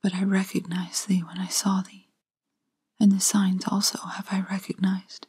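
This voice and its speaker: A grieving beggar mother pleads in a whispered role-play, put on by a woman reading a storybook. The whisper is airy and breathy, slow and even, close and dry with no room sound. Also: medium pitch, no room sound. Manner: pleading, old-fashioned speech.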